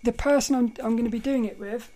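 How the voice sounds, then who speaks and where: Rambling woman with a mellow voice. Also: a little high, fast talker. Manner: rambling, animated, laughs often, restarts sentences. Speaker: podcast host. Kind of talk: casual solo podcast storytelling.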